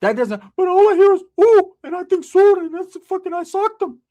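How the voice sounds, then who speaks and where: A man doing a squeaky panicky teen cousin. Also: expressive, fairly quick, mellow, muffled recording. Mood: whiny. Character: scared whiny young male cousin, teen.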